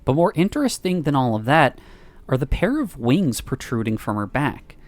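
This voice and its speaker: A man's voice: medium pitch, normal speed, dry recording. Man reading a visual novel aloud. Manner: expressive reading broken by laughs and asides. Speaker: streamer.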